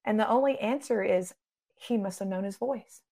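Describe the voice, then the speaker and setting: A woman minister speaking as a podcast guest. She preaches with passion, swinging between urgent emphasis and slow, hushed delivery, and calls out to the listener. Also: medium pitch, gravelly.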